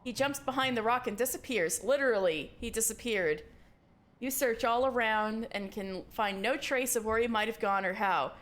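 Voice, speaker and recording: A woman streaming a video game live, reading its text aloud in a giggly, excitable way. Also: high voice, moderate pace.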